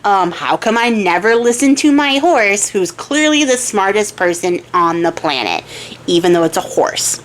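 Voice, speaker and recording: A woman's voice: medium pitch, animated, moderate pace, close to an everyday voice. A woman voicing a sensitive, unlucky young male archer in a casually told folktale, whiny and pleading.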